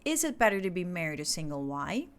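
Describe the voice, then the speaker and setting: A woman's voice: lowish voice, very animated, quick pace. A woman from Indonesia, an English teacher explaining a lesson step by step to her class. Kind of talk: recorded online lesson.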